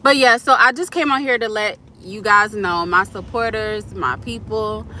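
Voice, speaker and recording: A woman's voice: medium pitch, moderate pace, sharp tone. A woman live-streaming from her parked car, chatting casually and answering viewers' comments. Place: parked car at a curbside pickup.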